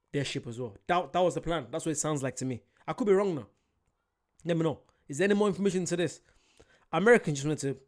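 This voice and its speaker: A British man with a slightly raised voice reacts to a video, musing out loud. He talks casually and hesitantly, often restarting his sentences as he works through his thoughts. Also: fairly high pitch. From Britain. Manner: thinking aloud, hesitant, many restarts. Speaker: reaction channel host.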